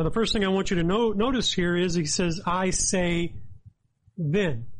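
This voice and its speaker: Man, high-pitched voice, sermon, emphatic, reading scripture aloud. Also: rough recording. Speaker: pastor.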